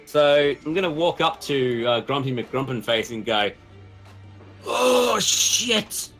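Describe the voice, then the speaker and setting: A man's voice: mid-range voice, moderate pace, faint music behind. Joking man playing a tabletop game. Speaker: player. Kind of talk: tabletop role-play chat.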